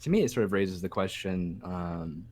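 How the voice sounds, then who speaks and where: Chatty young man with a lowish voice. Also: expressive, normal speed, darkish tone. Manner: upbeat, chatty, repeats words while starting sentences. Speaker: podcast co-host. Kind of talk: casual chat.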